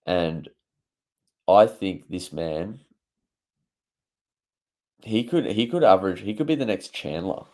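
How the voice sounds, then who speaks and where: A man's voice: deep voice, animated, slow, long pauses, darkish tone. A young man, talking casually to his channel with an offhand, chatty manner and frequent fillers. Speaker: fantasy football YouTuber. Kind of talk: casual talk to camera.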